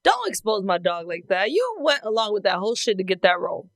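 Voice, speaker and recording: Lively, blunt woman podcast co-host. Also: medium pitch, no echo, clean studio sound. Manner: blunt, profane, quick to joke. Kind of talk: casual chat.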